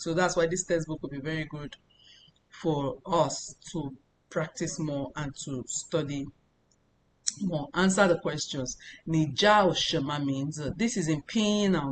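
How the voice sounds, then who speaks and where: A woman from Nigeria, teaching a language lesson as a tutor and repeating phrases slowly before explaining them step by step. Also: deep voice, slight background noise, rough recording.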